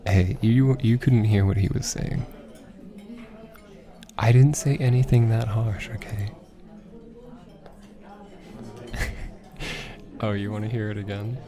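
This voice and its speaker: A young man in a whispered role-play as a teasing, affectionate boyfriend teaching Japanese, talking softly with frequent laughs. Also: on the low side, steady tone, slow, long pauses. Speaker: ASMR roleplay creator. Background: background music.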